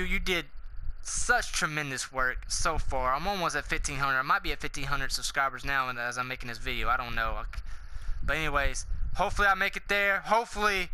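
A man hosting a gaming channel, rambling through a loud, profane, swaggering outro rant that veers from goofy self-mockery into hype. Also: sits high, clean tone, poor audio.

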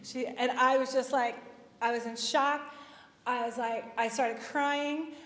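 Woman telling stories to a parish crowd, kinda high voice, lots of likes and ums, big echoey hall. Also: fairly even intonation, a little slow, fairly bright tone. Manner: chatty, with many fillers and quoted dialogue. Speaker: speaker at a parish talk. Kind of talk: personal storytelling talk.

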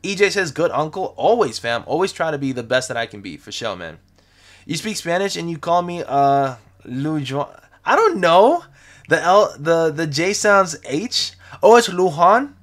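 Broadcasting from his city home, this young sneaker livestream host has a fairly high voice that swings widely in pitch at a normal speed. His talk is loose and slangy as he reads out comments from viewers, frequently saying things more than once.

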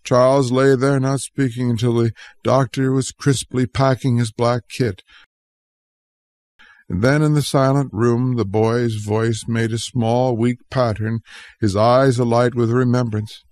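A man narrating a story aloud as an audiobook for English learners, reading clearly and deliberately. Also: mid-range voice, fairly even intonation, darkish tone, no echo.

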